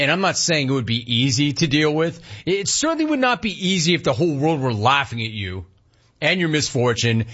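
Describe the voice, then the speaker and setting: Husky, emphatic male sports radio host. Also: mid-range voice, a bit bright. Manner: emphatic, punchy repetition. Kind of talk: sports talk radio monologue. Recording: slightly muffled radio broadcast.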